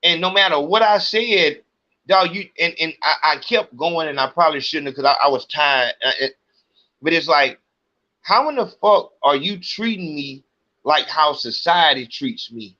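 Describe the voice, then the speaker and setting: A man's voice: fairly high pitch, normal speed, sharp tone, dull audio. A podcast host, a man, venting in an agitated, profane rant to his audience. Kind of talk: ranting monologue.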